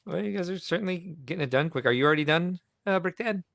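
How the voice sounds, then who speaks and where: Male host dropping in, upbeat, quick lively talk, greets viewers, dry sound. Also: sits high, vocal fry, no room sound. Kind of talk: casual live-stream chat.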